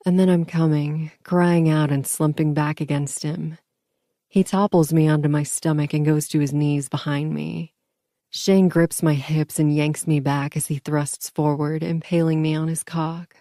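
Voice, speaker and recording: A woman's voice: low voice, flat delivery, unhurried, warm tone, dry recording, studio quality. A woman narrating a first-person audiobook in an intimate, murmuring manner.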